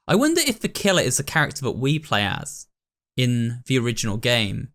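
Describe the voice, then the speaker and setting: A man's voice: mid-range voice, animated, a bit bright. A man with an English accent reads a game's story aloud and comments on it casually. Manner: casual, reads narration slowly and comments quickly. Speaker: gaming YouTuber. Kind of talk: reading game text and commenting.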